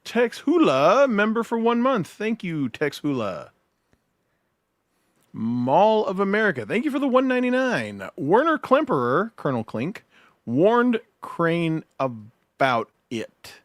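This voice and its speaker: A man guest-hosting a casual livestream chat, reading out viewer donations, laughing often, swearing and filling pauses with "uh". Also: high voice, huge pitch swings, no room sound, clean studio sound.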